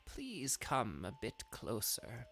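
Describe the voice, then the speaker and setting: A man's voice: medium pitch, wildly swooping pitch, faint music behind, full character voice. A man doing an ancient solemn old woman. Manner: slow, hushed, solemn. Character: very old wise woman elder, slow and solemn.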